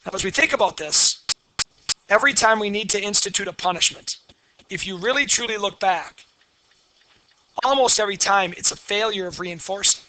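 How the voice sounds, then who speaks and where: A man's voice: high voice, moderate pace, pauses often, sharp tone, a little hiss or hum. A man, lecturing a class and telling candid, blunt personal stories. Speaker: teacher.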